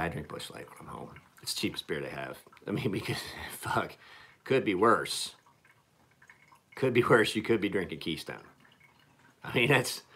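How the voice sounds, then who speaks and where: A man's voice: on the low side, fairly bright tone. A man in his forties from Appalachian Pennsylvania, chatting casually on a live stream in a rambling, profane and joking way. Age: 40s. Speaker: knife-sharpening streamer.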